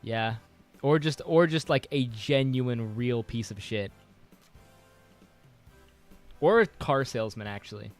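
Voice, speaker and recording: A man's voice: mid-range voice, normal speed, soft background music. A young man co-hosting a stream, laid-back and joking with crude humor. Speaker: co-host of a stream. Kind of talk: casual stream chat. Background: royalty-free jazz.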